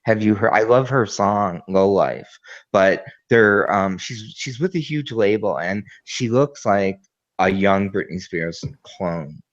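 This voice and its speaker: A man's voice: fairly low pitch, lively intonation, slow. A man talking in a casual online group chat as a panel guest, rambling and hesitant with many fillers. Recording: dull lo-fi microphone.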